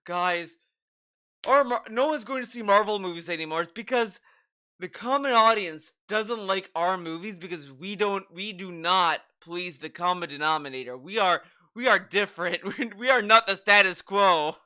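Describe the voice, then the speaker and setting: A man's voice: high voice, normal speed, sharp tone, clear, resonant tone. A man doing a mock-earnest parody of a pompous male movie studio boss making an announcement. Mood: mock-serious.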